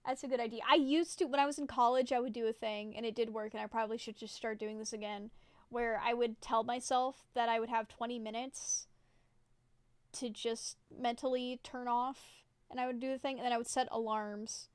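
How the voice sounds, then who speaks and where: A woman's voice: on the high side, steady tone, a little fast, smooth, no echo. A young adult woman streamer chatting casually with her live viewers, rambling and giggling often, with many fillers. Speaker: livestreamer.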